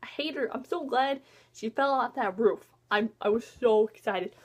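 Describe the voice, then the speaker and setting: A woman talking casually in a vlog, rambling and excitedly reviewing a book she loves and hates parts of. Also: on the high side, normal speed. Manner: animated swings between loud and soft. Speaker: book vlogger.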